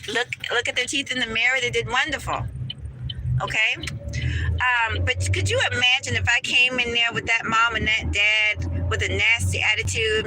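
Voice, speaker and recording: A woman's voice: on the high side, steady tone, normal speed, noisy background. A woman dental hygienist ranting to her viewers in a casual vlog, emphatic and preachy, talking straight to the camera.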